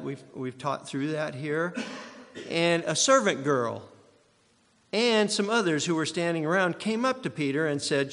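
A man's voice: a little high, fairly bright tone. A man from Iowa preaching a sermon as pastor, teaching in a conversational, digressive way. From Iowa, USA. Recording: long hall reverb.

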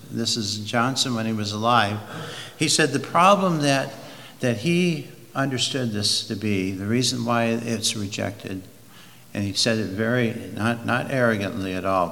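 A man preaching slowly and deliberately, leaning on key words as his bright voice carries. His sermon rings through a hall with a long reverb trail. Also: medium pitch, vocal fry. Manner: slow, deliberate, with emphatic rises.

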